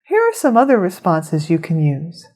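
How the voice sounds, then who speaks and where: A woman narrating a scripted language lesson, explaining phrases clearly and pronouncing them with care. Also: fairly low pitch, huge pitch swings, darkish tone. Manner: clear, measured instruction with careful pronunciation. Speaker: language teacher.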